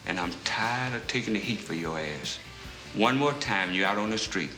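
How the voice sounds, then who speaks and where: An actor playing a gruff male police boss in a film clip, scolding a cop with harsh, profane words. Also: fairly low pitch, lively intonation, moderate pace. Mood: stern. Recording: echoey film clip, loud music.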